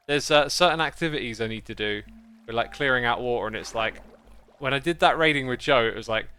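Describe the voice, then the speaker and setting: Bright-voiced man chatting while gaming. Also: mid-range voice, a little fast, a little hiss or hum. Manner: chatty, muttering to himself while playing. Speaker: streamer. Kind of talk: casual gaming livestream commentary.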